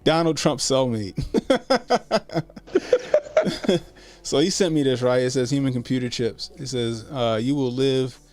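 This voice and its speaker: A man's voice: medium pitch, expressive, slow pace, long pauses, darkish tone, soft background music. A man hosting a casual livestream, talking in laid-back slangy banter and laughing often. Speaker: livestream host.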